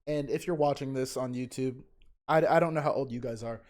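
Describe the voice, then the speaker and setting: A young man, a teacher, giving casual, emotional fan commentary in a reaction video, often halting and restarting. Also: mid-range voice, a little mellow.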